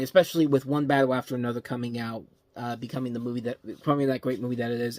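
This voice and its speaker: A man's voice: medium pitch, no room sound. A man hosting a movie review show, talking casually and rambling, often restarting his sentences. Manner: rambling, self-correcting, enthusiastic.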